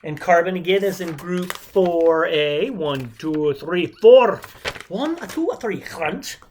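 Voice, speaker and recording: A woman's voice: lowish voice, animated, slow pace, a little mellow, slight background noise. A woman teaching a chemistry lesson remotely in a chatty way, with joking asides while she counts aloud. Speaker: chemistry instructor. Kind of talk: casual remote lecture.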